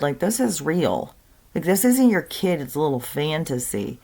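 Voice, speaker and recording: A woman's voice: deep voice, sing-song, measured pace, a little mellow. A woman giving an earnest, rambling spiritual monologue to camera, full of fillers and restarts. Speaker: spiritual content creator.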